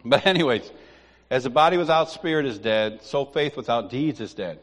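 A man's voice: mid-range voice, normal speed. A man giving a sermon in a church, telling a personal story with acted-out dialogue and laughing at himself. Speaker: lay preacher. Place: church sanctuary. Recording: long hall reverb.

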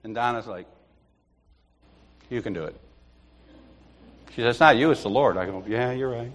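A man's voice: medium pitch, fast talker, a bit bright. A man giving an informal church teaching, telling anecdotes, often laughing and acting out the people in his stories. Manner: storytelling, laughs often, acts out others. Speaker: lay preacher. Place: church sanctuary. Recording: long hall reverb.

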